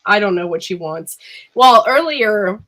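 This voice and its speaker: Woman host, sick with a cough, bright tense tone, loose and chatty. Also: mid-range voice, expressive, unhurried. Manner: chatty, laughing, says freaking a lot. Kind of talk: casual live-stream chat.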